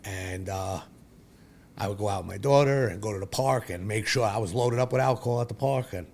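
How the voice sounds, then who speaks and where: A man's voice: fairly low pitch, fairly quick, creaky, a little mellow, a little hiss or hum. A man, telling his own story as a podcast guest in a blunt, profane, rambling way. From Brooklyn, New York. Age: 40s. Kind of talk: candid personal storytelling.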